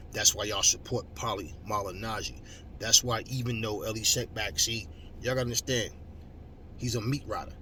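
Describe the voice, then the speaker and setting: A man hosting a boxing channel, ranting at viewers, loud and mocking, swearing constantly. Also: fairly low pitch. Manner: loud, mocking, heavy cursing. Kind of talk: profane rant to viewers. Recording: slightly distant mic with faint background noise.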